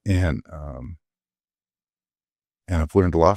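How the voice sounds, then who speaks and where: Low, earnest man reflecting slowly. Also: darkish tone, dry recording, clean studio sound. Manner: halting, searching for words, many fillers; earnest and emotional. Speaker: physician guest. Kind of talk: reflective interview conversation.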